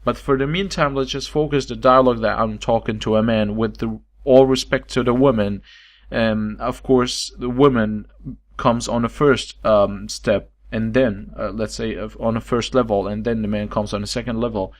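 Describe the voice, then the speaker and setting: Man teaching slowly, halting with fillers. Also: medium pitch, steady tone. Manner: halting, many fillers, repeats words slowly for learners. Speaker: language teacher. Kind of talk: recorded online lesson.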